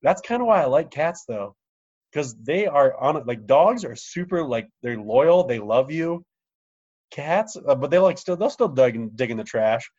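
A man's voice: mid-range voice, very animated, normal speed, a little mellow. A man co-hosting a podcast in casual chat, joking and swearing as he tells stories. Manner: joking, profane, laughs through stories. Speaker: podcast co-host. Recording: dull lo-fi audio.

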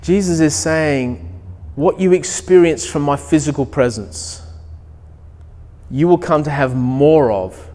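A middle-aged Australian pastor delivering a sermon in a fairly high voice. He tells stories with animated, acted-out dialogue. His voice carries a long hall reverb. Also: takes it slowly. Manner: animated storytelling, acts out dialogue.

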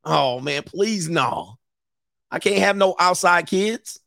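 A man hosting a live stream as a dating coach, ranting comically and acting out both sides of a story in quick voices, laughing often. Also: high voice, animated, gravelly, bright, forceful tone, dry recording, clean studio sound. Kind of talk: casual comedic rant.

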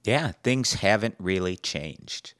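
A man's voice: on the low side, animated, slow pace, a bit bright, no echo, studio quality. A man co-hosting a diving podcast in casual chat, laughing often and repeating words as he starts. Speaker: scuba diving podcast co-host.

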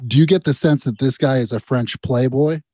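A man's voice: medium pitch, a little fast, warm tone, dry recording. A man on staff at a radio show, interviewing a caller with direct, probing questions.

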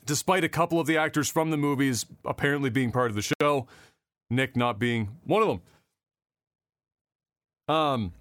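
A man's voice: fairly high pitch, a bit bright, dry recording. Chatty man hosting a podcast. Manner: chatty, rambling, swears casually. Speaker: podcast host. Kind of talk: casual chat.

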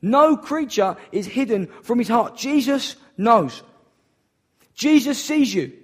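A man's voice: extremely high pitch, expressive, takes it slowly, breathy edge. A man preaching a sermon in an earnest, emphatic way, repeating key phrases for weight.

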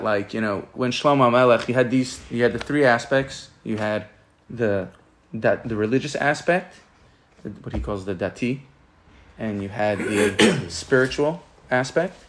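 A man's voice: fairly low pitch, slight background noise. A man giving an informal Torah class, rambling and often restarting and repeating his words. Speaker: Torah teacher.

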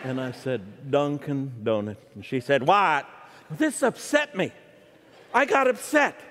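A man's voice: on the high side, measured pace. A middle-aged man preaching a humorous sermon in a church, telling stories and joking with the audience. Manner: storytelling, animated, jokes with the audience. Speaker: guest preacher. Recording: church hall reverb.

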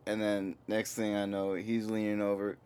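A man co-hosting a casual podcast, laid-back and quick to laugh. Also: fairly low pitch, monotone, darkish tone. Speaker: podcast co-host. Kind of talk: casual chat.

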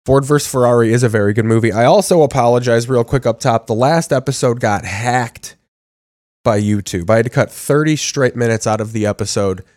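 A male podcast host with a medium-pitched, darkish voice talks fairly quickly about his bout of covid, sounding congested. He rambles, swears, and jokes in loose, profane chat. The sound is dry and close, with no room echo.

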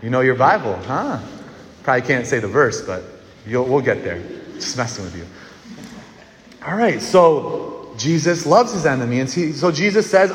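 A man preaching a lively sermon to children, leading them in call-and-response. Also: mid-range voice, normal speed, slight background noise. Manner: animated, leads call-and-response shouting. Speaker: priest. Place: church. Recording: echoey church hall.

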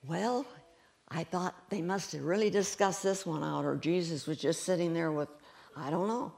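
A woman with a gravelly, creaky voice preaches a sermon. She tells her stories in an animated way and breaks into laughter often as she goes. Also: lowish voice, normal speed. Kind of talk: sermon storytelling.

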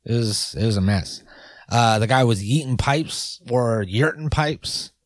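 A man's voice: medium pitch, a little slow, no room sound, studio quality. A man hosting a podcast in casual, rambling chat, joking and leaning on fillers. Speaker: podcast host.

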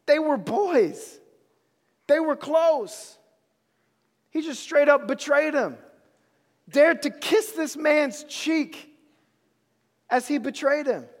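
A man's voice: very high voice, lively intonation, takes it slowly, pauses often, in a large hall. A man preaching a sermon, with emphatic repetition and casual slang.

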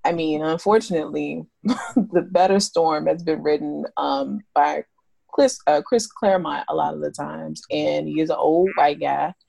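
A woman's voice: low voice, a little slow, vocal fry, dark tone, husky, no echo. A woman co-hosting a podcast in casual chat, talking loosely, laughing often and restarting her sentences. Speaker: podcast co-host.

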